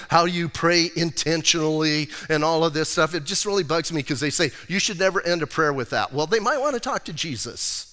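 A man with an American accent preaching a conversational, animated sermon as pastor, acting out quotes along the way. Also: on the high side. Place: church sanctuary. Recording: reverberant church hall recording.

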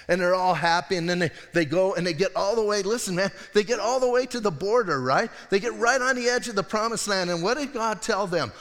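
A man's voice: on the high side, normal speed, fairly bright tone. A male pastor preaching a sermon in a casual, conversational way, acting out voices as he retells stories. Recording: long hall reverb.

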